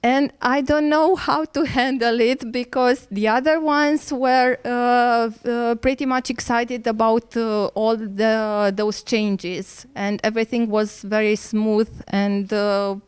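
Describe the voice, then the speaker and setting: A woman's voice: fairly high pitch, steady tone, slow, few pauses, clear, resonant tone, dry recording. A woman with a Romanian accent, a native Romanian speaker, asking interview questions in English, hesitant with many filler sounds.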